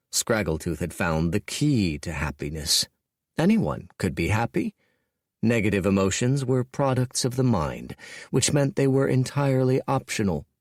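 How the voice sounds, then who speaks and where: A man narrating an audiobook in a measured, wry storytelling manner. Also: fairly low pitch, no echo, studio quality. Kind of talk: scripted narration.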